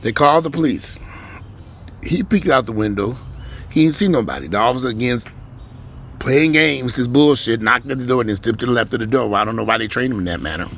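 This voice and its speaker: A man ranting bluntly and profanely to his viewers from home, with sudden loud rises in a voice. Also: mid-range voice, lively intonation, a little fast, gravelly, a little hiss or hum. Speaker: vlogger.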